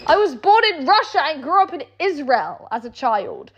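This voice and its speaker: A woman's voice: high-pitched, sing-song, moderate pace, muffled recording. A young woman with a British accent delivering a heated, sarcastic rant full of swearing. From Britain. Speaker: online personality. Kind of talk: angry streamed rant.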